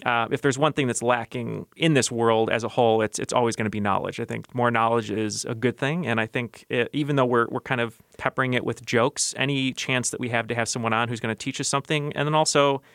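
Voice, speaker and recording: A man's voice: medium pitch, fairly even intonation, quick pace, hardly any pauses, fairly bright tone, smooth, no echo. Earnest man talking in a dry studio. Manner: earnest, thoughtful, with many fillers and restarts. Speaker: podcast host as a radio guest. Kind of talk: conversational interview answers. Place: radio studio.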